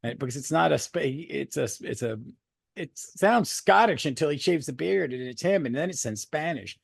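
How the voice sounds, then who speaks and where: A man co-hosting a podcast, chatting casually about a superhero movie, rambling and swearing freely with animated bursts. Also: a little high, moderate pace, gravelly, husky, dry recording, clean studio sound. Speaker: podcast co-host. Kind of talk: casual movie review chat.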